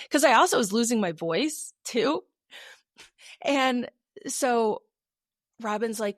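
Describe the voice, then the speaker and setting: A young adult woman co-hosts a podcast, sharing a personal story in a casual, chatty way full of fillers. Her voice is a little high and animated, though a bit slow. The recording is dry and clean, studio-grade.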